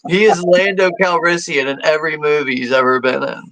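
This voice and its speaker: A man's voice: fairly high pitch, fairly even intonation, a little fast, a bit bright, rough recording. A man co-hosting a movie watch party, making crude jokes and laughing often. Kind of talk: casual chat.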